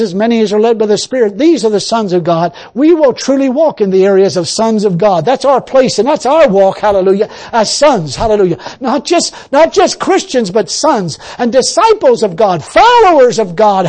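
A man's voice: very high voice, darkish tone. A man pastor preaching and praying in a folksy way, repeating phrases and punctuating them with hallelujah. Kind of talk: sermon and spoken prayer.

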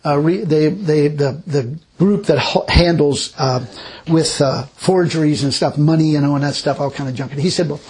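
A man's voice: fairly high pitch, normal speed, darkish tone. A man preaching a sermon, telling stories in a folksy, chuckling way. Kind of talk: sermon with personal storytelling.

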